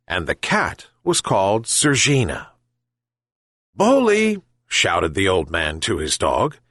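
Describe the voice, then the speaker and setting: A male reader telling a fable in a slow, careful storybook style meant for language learners. His pitch is mid-range but rises and falls very widely. The recording is dry and close to the mic. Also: fairly bright tone, no echo. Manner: slow, deliberate reading for learners. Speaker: audiobook reader. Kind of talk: scripted storybook narration.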